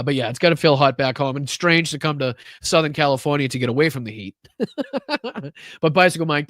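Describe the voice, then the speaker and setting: A man's voice: mid-range voice, no echo, studio quality. A man hosting a live political stream, chatting loosely, swearing freely and thanking viewers one by one with lots of "uh" and "um". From Boston area. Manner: loose and profane, many fillers, warmly thanking viewers. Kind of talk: casual live-stream chat reading donations.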